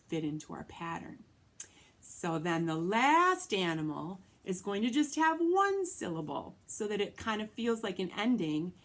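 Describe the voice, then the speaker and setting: A woman music teacher leads a recorded lesson for young children. She explains each step patiently and clearly, and she speaks the rhythm syllables aloud so the children can follow. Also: lowish voice.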